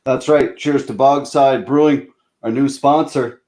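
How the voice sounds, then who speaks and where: A man's voice: mid-range voice, fairly even intonation, unhurried, darkish tone. A man from Nova Scotia hosting a podcast, talking in a loose, joking, rambling way with plenty of fillers. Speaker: podcast host. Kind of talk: casual chat.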